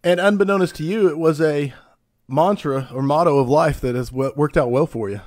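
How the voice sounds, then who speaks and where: A man's voice: fairly high pitch, normal speed, a little mellow. A man hosting a fire-service podcast, asking chatty questions and affirming his guest in a friendly way. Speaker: podcast host. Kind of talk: casual podcast interview.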